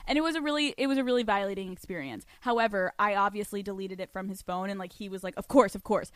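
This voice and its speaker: A woman's voice: mid-range voice, fast talker, no echo. A young adult woman hosting a podcast, chatting casually and bluntly with lots of swearing, telling stories and answering listener letters. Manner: blunt, profane, animated storytelling. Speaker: podcast host. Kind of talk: casual advice chat, reading listener letters.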